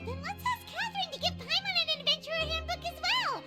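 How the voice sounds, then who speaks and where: A woman voicing a small, cheerful fairy companion in a game, chirpy and excitable. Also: very high-pitched, quick pace, faint music behind, full character voice. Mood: eager. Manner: chirpy, excitable third-person speech. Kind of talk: game voice acting.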